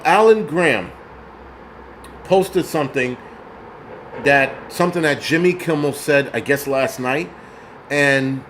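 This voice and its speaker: Hosting his own show, a man of Puerto Rican origin delivers angry commentary in a medium-pitched voice, cursing, mocking, and getting heated. There is slight background noise.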